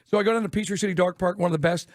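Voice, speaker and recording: A man co-hosting a sports radio show, telling stories quickly and laughing often. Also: sits high, steady tone, no room sound, studio quality. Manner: rapid storytelling, laughs often. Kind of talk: casual radio chat.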